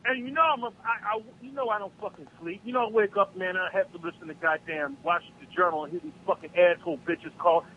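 A man calling in by phone, ranting with heavy profanity about politics in a heated, animated way. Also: high voice, fast talker, hardly any pauses, slight background noise. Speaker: caller. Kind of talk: angry political rant on a call-in show. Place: South Carolina. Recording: tinny phone line.

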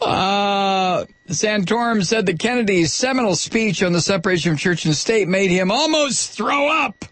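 A man's voice: sits high, animated, normal speed, few pauses, a bit bright, no echo. A man hosting a political talk radio show from a studio microphone, delivering a sardonic, mocking monologue. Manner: sardonic and mocking, laughs at his targets.

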